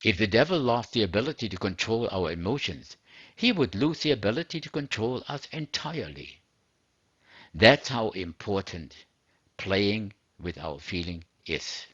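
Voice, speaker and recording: Male preacher, husky low voice, dry dull recording, measured earnest sermon read. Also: animated, fairly bright tone, no echo. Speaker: religious teacher. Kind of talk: scripted sermon narration.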